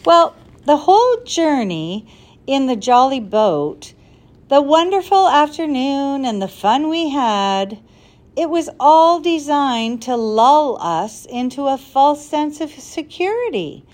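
A woman voicing a kindly, cautious older male professor, speaking in a measured, earnest way. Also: sits high, sing-song, darkish tone, voice pushed up, heavily acted. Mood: angry.

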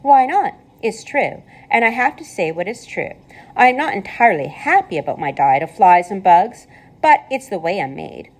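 A woman voicing a pleasant, clever female spider with a thin voice, calm and matter-of-fact in a storybook read-aloud. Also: mid-range voice, moderate pace. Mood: calmly explaining.

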